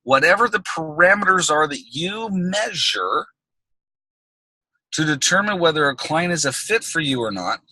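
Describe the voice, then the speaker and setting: A man with a fairly high, animated voice speaks at a moderate pace, sounding pushed and bright on a dry, rough recording. Coaching business owners on a recorded group call, he teaches emphatically and conversationally, checking in with "okay?" between points.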